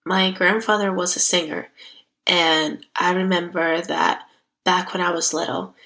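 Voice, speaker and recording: A woman's voice: on the low side, fairly even intonation, unhurried, pushed and bright, rough recording. A young woman hosting a solo self-growth podcast, talking in a chatty, heartfelt way that turns emotional. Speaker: podcast host. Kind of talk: casual solo podcast talk.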